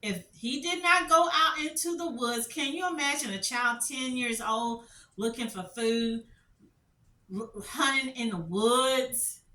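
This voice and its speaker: A woman's voice: fairly high pitch, pushed and bright, echoey room, far from the mic. A middle-aged woman telling stories as a commentary vlogger, passionate and repetitive, full of rhetorical questions. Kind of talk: emotional storytelling commentary.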